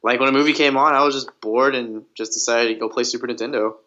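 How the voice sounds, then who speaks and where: A man chatting terse and low-key on a podcast, over slightly dull lo-fi audio. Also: steady tone, fast talker, sharp tone. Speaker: podcast co-host. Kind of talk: casual podcast chat.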